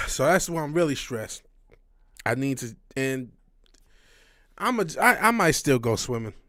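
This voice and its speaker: A man's voice: mid-range voice, sing-song, a little slow, sharp tone, no room sound, clean studio sound. A man in his thirties talking casually to a livestream audience, rambling and frank, swearing often and restarting his sentences. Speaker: livestream host.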